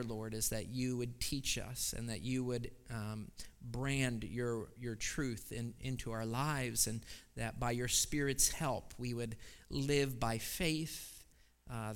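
A man, a pastor, preaching a sermon with scripture reading and prayer, building to loud, emphatic repeated phrases in a church. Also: medium pitch, fairly even intonation, slow, clean tone. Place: church sanctuary. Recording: long reverb of a large hall.

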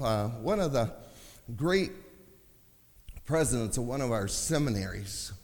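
A man's voice: medium pitch, lively intonation, measured pace, long pauses. Impassioned male preacher in a reverberant hall. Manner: impassioned, rising to shouting. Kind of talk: sermon.

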